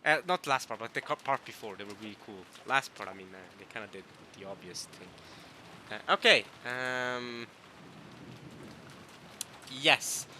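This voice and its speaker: A man's voice: mid-range voice, moderate pace, long pauses, a little hiss or hum, low-quality recording. A man giving casual, joking commentary while playing a visual novel, often repeating and correcting himself. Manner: animated, joking, self-interrupting. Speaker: video game streamer. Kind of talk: casual let's-play commentary.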